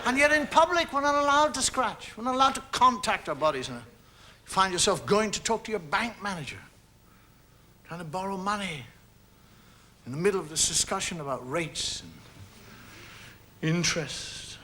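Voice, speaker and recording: A stand-up comedian, a man with a strikingly high voice, talks to a live audience in an easy, conversational way. His delivery swoops up and down as he acts out everyday gestures and sounds, and the recording carries steady background noise. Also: normal speed, pauses often. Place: stage before a live audience.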